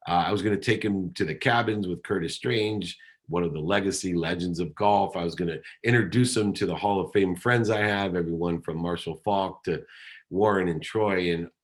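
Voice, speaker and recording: Middle-aged male keynote speaker, lowish voice, dramatic storyteller. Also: normal speed. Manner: dramatic storytelling, acts out quoted dialogue.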